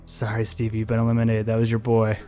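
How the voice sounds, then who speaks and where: A man's voice: fairly low pitch, completely flat delivery, quick pace, mellow, faint music behind. A man hosting a podcast and running a quiz game, joking and crude in casual chat.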